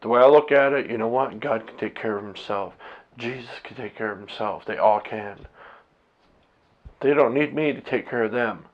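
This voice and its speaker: A man's voice: mid-range voice, normal speed, highs cut off. A man talking candidly to his own camera, blunt and profane, rambling with restarts as a husband and father. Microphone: camera set up by himself.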